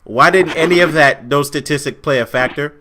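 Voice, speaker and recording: A man's voice: a little high, brisk, background noise. A young man co-hosting a casual wrestling review podcast, ranting with lots of swearing and repetition. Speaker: podcast co-host.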